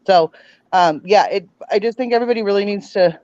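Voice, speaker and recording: A woman speaking as a panel guest on a casual livestream, earnest and halting with frequent restarts. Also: medium pitch, a little mellow, dry recording, dull audio.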